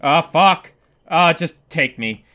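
A young man commentating a video game as he plays, swearing, panicking loudly and laughing at himself. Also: on the high side, expressive, slow. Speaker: gaming commentator. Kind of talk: let's play commentary. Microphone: desk microphone.

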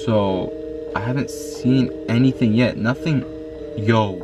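A young man vlogging outdoors in a field, talking in excitable, slangy bursts and calling out to his viewers. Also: mid-range voice, slow. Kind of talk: casual vlog commentary. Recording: music playing loudly underneath.

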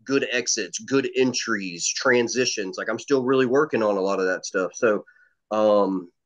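A man's voice: lowish voice, normal speed. A man chatting casually as a competitive shooter guest, telling stories in a rambling way with swearing and lots of fillers. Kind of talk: casual podcast chat. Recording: dull lo-fi audio.

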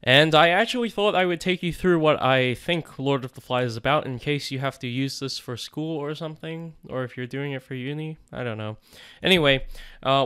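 A man's voice: mid-range voice, fairly bright tone, smooth. Jokey man summarizing a book. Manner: playful, jokey, mock-dramatic asides. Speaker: online book explainer. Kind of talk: casual comic book summary.

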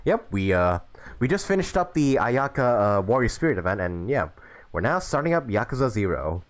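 A man's voice: mid-range voice, big pitch swings, moderate pace. A man streaming a game live, chatting casually with viewers while sick with the flu and sniffling. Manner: laid-back, chatty, laughs often. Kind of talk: casual live gameplay chat.

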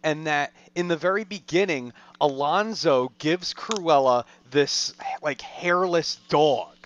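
A man's voice: a little high, slow pace, highs cut off. A man co-hosting a podcast, chatting casually about a film in a rambling way full of fillers. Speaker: podcast co-host.

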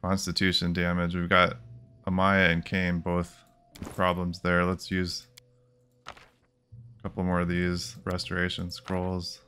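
Deep-voiced man narrating gameplay. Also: unhurried, pauses often, slight background noise. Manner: thinking aloud, relaxed. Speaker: let's play host. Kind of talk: casual gameplay commentary.

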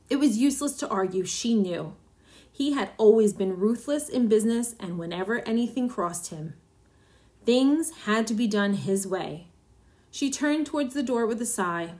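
A woman reading a short story aloud in a steady, measured narration. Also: on the high side. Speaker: story reader.

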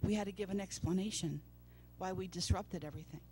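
Her fairly low, warm, husky voice moves at a quick pace as she preaches a testimony sermon at church. The woman tells her personal story and acts out the voices of the people she quotes.

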